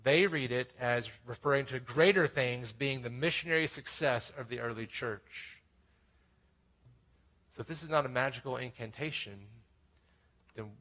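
A man preaching a sermon, building to emphatic peaks and dropping to quiet, conversational asides. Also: medium pitch. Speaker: pastor.

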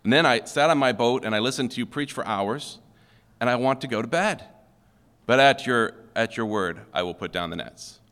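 A man voicing Peter, a weary adult fisherman who talks frankly and earnestly, his voice lifting high as he pleads, in a reverberant hall. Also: normal speed, hardly any pauses, fairly bright tone, lightly acted. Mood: annoyed.

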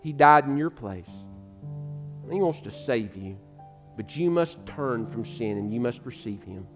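A man preaching a sermon with passion, calling his listeners "friend" and swinging from loud exhortation to hushed pleading. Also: medium pitch, expressive, measured pace, music in the background. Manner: addresses listeners directly as "friend". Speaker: pastor.

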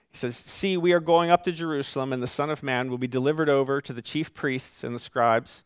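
A male pastor preaching a sermon, moving from calm teaching to loud, rising emphasis and reading scripture with slow, weighted endings. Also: mid-range voice, no room sound, clean studio sound.

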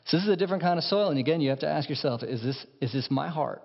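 A man preaching a sermon as pastor, impassioned, dropping to hushed lines and rising to emphatic ones. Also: a little high, animated, very fast, creaky, few pauses, slightly rough. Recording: dull sound in a large reverberant hall.

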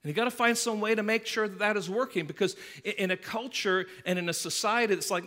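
A man preaching a sermon, animated, acting out the disciples' voices as he reads the passage. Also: sits high, quick pace, hardly any pauses. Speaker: pastor.

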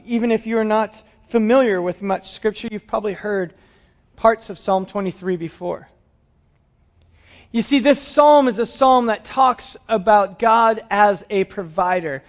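A man preaching a conversational sermon to his congregation, with light humor. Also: high voice. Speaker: pastor. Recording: dull lo-fi sound.

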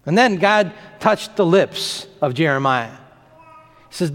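Male pastor, somewhat high voice, animated and emphatic delivery, long church echo. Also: measured pace. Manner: emphatic, repeats phrases for effect. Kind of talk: sermon.

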